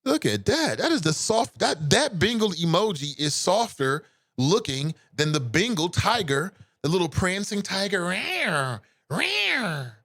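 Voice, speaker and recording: A man hosting a live call-in radio show, chatting with listeners in an animated, joking way that turns earnest. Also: sits high, normal speed, no echo, studio quality. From United States.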